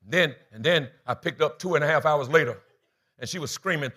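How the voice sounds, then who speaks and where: Pastor, male, slightly high voice, storytelling sermon with comic flair. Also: fast. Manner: animated comic storytelling, acting out dialogue.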